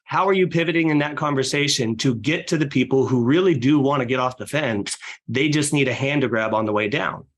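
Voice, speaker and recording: A man guest on a podcast, talking fast and with energy about leading a sales team, often acting out how clients talk. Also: medium pitch. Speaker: real estate team leader guest.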